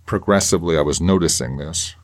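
A man hosting a faith podcast, talking earnestly and emotionally with halting restarts. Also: rumbling low. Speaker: podcast host. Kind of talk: personal faith podcast monologue.

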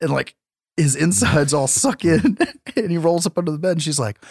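A man retells a movie's plot on a podcast, swearing freely and laughing between lines. His pitch swings widely as he acts out moments. The sound is dry and close. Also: normal speed, vocal fry, breathy edge, no room sound. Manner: profane, laughing, animated storytelling. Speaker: podcast host. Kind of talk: casual movie recap.

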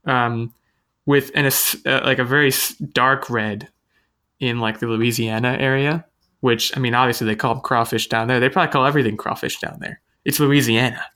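A man's voice: medium pitch, steady tone, a little fast, bright, forceful tone. A man hosting a casual podcast chat, chatty and self-mocking, thinking aloud with frequent restarts. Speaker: podcast host.

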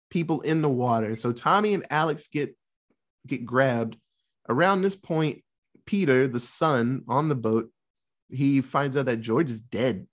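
A man casually retelling a war film's plot, swearing freely and jokingly acting out the characters' lines. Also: medium pitch. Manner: profane, jokey, animated retelling with put-on quotes. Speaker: podcast co-host recapping a film. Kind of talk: casual chat.

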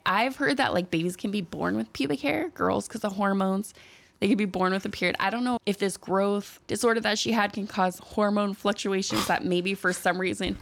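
A woman's voice: mid-range voice, brisk, creaky. A young woman from Southern California co-hosting a podcast, telling a story in casual chat and breaking into playful voices when she quotes people. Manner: chatty, animated, jumps into playful voices when quoting people. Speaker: podcast co-host.

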